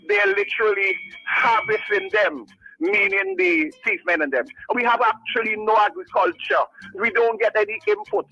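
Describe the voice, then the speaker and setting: A man's voice: sits high, animated, moderate pace, gravelly, sharp tone. A man calling in to a radio talk show, speaking with impassioned, repetitive, preachy fervor over a phone line. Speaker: caller. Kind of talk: passionate call-in radio rant. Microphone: phone call.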